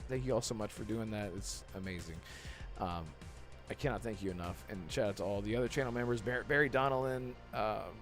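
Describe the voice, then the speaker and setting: A man hosting a casual gaming podcast, upbeat and laughing often as he thanks his chat. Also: on the high side. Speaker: podcast host.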